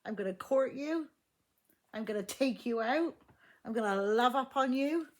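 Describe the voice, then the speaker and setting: A woman's voice: a little high, animated, moderate pace, close to an everyday voice. A woman voicing a cold, stubborn man who won't commit, speaking defiantly and swearing. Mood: boastful.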